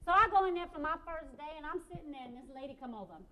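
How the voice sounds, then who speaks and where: A woman's voice: sits high, rapid-fire, noisy background, natural voice. An actress playing a sassy, outspoken mother of five in a one-woman stage play, talking bluntly in streetwise slang.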